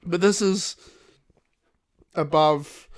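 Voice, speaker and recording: A man's voice: high-pitched, very slow. A young man with a New Zealand accent, co-hosting a casual podcast and telling a story, swearing and laughing as he goes. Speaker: podcast co-host. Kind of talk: casual chat.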